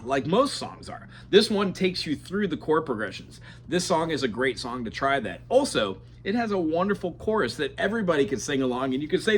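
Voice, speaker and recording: Teaching acoustic guitar to beginners, this man chats and wanders off on tangents, breaking into bits of song as he plays. He talks fairly quickly with hardly any pauses, in a slightly high, sing-song voice. The acoustic guitar is loud beneath him.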